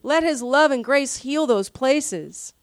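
A woman's voice: high-pitched, animated, slow pace, no echo, studio quality. Earnest, conversational woman pastor preaching. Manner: conversational and earnest, often dropping soft and quiet. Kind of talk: sermon.

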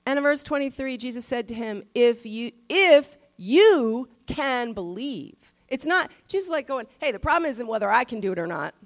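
A middle-aged woman pastor giving a sermon in a conversational style, stressing key phrases slowly. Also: fairly high pitch, animated, a bit bright.

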